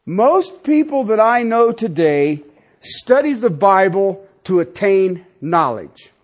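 A man's voice: high-pitched, very animated, takes it slowly. A man preaching a sermon, emphatic and full of rhetorical questions, often stopping to check in with his listeners. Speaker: pastor.

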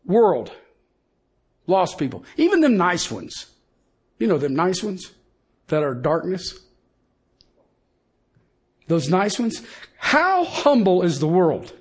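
A middle-aged man preaching a sermon in a folksy, emphatic way, swinging from loud points to hushed lines. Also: sits high, wildly swooping pitch, slow pace, pauses often, breathy edge. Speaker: pastor.

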